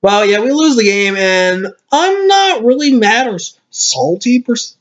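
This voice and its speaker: Speaking a little slowly, he uses a high, slightly bright voice with big swings in pitch. Tired and hiccuping, this gaming commentator rambles over a replay, correcting himself along the way, through a lo-fi screen-capture mic.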